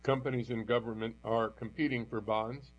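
A man reading news articles aloud in a steady, even delivery. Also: mid-range voice, normal speed. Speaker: news reader. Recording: dull lo-fi audio with mains hum.

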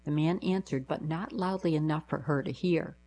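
A woman reading short newspaper diary columns aloud for a radio reading service, in a plain, even manner. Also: sits low, normal speed, poor audio.

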